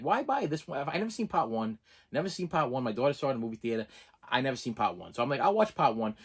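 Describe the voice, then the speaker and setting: Rambling, excitable middle-aged man. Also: fairly high pitch, husky. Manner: rambling and excitable, with many repeated words and restarts. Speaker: movie unboxing channel host. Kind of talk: casual unboxing chat.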